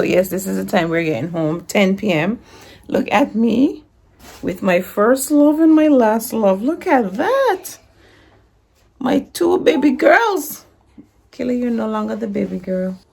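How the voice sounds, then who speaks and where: Vlogging indoors at home with a handheld phone, this Jamaican-born mother in her thirties, who grew up in Anguilla, teases her family and laughs a lot. Her Caribbean English comes through a mid-range, gravelly voice with a breathy edge.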